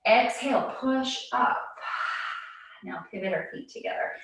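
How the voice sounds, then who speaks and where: A woman leading a yoga class, calmly cueing breaths and movements, a little out of breath. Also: a little high, unhurried, vocal fry, heavy reverb, recorded from a distance, rough recording. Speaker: yoga instructor. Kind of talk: guided yoga class instruction.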